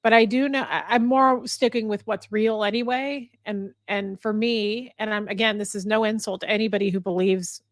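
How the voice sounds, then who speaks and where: Earnest halting woman streamer. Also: mid-range voice, fairly even intonation, dry recording, studio quality. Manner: halting, earnest, restarts often. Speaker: livestream host. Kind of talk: candid emotional talk to viewers. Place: indoor room with a fire.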